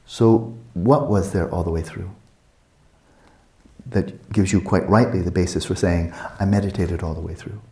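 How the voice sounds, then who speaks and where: A man in his sixties teaching a meditation retreat, talking calmly and reflectively and asking many searching questions. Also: deep voice, moderate pace. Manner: calm, reflective, asks many rhetorical questions.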